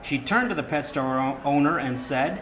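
Co-host: slightly high-voiced man, agreeable short remarks. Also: animated, moderate pace, fairly bright tone, a little hiss or hum, rough recording. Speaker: podcast co-host and narrator. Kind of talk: casual chat.

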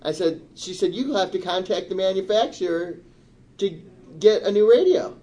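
A middle-aged man telling a story in casual chat, animated and turning indignant as he goes. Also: high-pitched, normal speed. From Michigan, USA. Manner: animated, rising to indignant outbursts. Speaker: storyteller on a talk show.

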